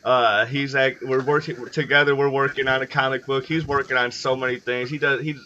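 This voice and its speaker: Young american man, podcast host, bright forceful voice, dull lo-fi sound. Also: medium pitch, flat delivery, a little fast, slight background noise. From United States. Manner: laughs often, restarts sentences, casual swearing. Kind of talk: casual chat. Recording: dull lo-fi audio.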